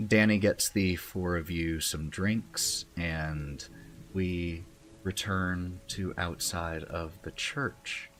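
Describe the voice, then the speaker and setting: A man with an extremely low voice runs a tabletop game as game master. He narrates calmly and descriptively, and his pace is unhurried and deliberate. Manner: slow, calm, descriptive narration.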